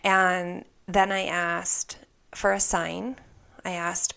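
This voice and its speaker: A woman telling a personal spiritual story in an earnest, soft way, often dropping into a whisper. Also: fairly low pitch, level tone, very slow, creaky, clean tone. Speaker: spiritual vlogger.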